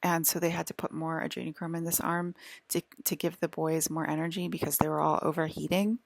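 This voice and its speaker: A woman talks to her camera in a loose, rambling monologue, stopping and restarting her sentences and now and then sinking into a whisper. Her voice sits low and carries a gravelly fry. The recording is close and dry, with no room sound. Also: little pitch movement, no room sound. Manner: halting, many restarts and fillers, drifts into whispers. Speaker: vlogger.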